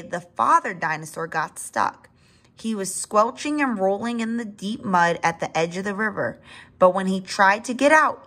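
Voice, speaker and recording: A woman reading a children's picture book aloud, expressive, with asides to young listeners. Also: medium pitch. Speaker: reader. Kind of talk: children's story read-aloud.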